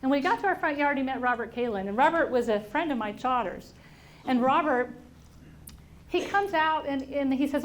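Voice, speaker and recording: High-pitched woman telling a personal story. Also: normal speed, slight background noise. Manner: animated storyteller acting out quoted voices. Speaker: invited speaker. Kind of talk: personal story told to an audience. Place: auditorium at a workplace event.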